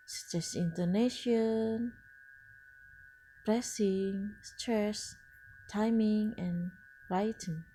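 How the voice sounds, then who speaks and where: A woman, not a native English speaker, lecturing on English pronunciation with frequent pauses and restarts. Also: mid-range voice, warm tone, a little hiss or hum. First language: Indonesian. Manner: slow and hesitant, frequent uh fillers and restarts. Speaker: English teacher. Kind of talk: lecture presentation.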